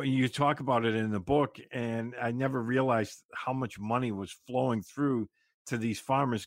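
A male talk radio host interviews his guest in a loose, conversational way, with plenty of fillers. His voice sits at a middle pitch, and it is recorded dry and close in the studio. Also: no echo.

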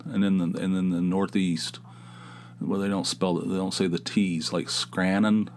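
A man's voice: low-pitched, fairly even intonation, measured pace. A man in his fifties hosting his own podcast, talking alone in a rambling, jokey way and often correcting himself. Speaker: podcast host. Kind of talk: casual solo podcast monologue.

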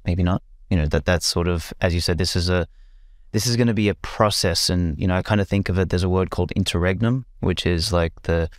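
A man with a very low voice holds forth in a relaxed podcast chat. He rambles, restarts his sentences and swears casually. The sound is close and dry, with no room around it. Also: no room sound. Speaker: podcast guest.

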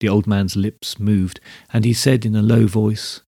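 A man reads a story aloud at a steady, measured pace. His voice is gravelly and a little husky. The recording is dry and close. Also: on the low side, dry recording. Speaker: narrator. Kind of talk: storybook reading.

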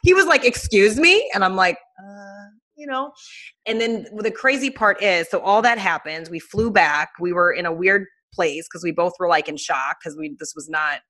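A woman in her thirties, a guest telling a personal story in a casual, animated way with many fillers. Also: fairly low pitch, moderate pace.

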